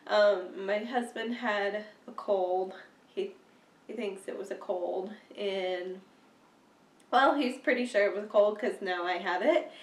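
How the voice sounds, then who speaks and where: A young woman talks through a casual vlog update, slow and unhurried, laughing often between filler words. Her voice is stuffy from a cold, and she sits a bit back from the mic in a roomy, echoey space. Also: mid-range voice, far from the mic. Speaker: vlogger.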